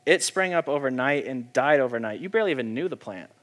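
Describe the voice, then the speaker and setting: A man's voice: mid-range voice, animated, fast talker. A man, a pastor, giving a conversational sermon, talking casually with lots of fillers and then breaking into sudden emphatic bursts.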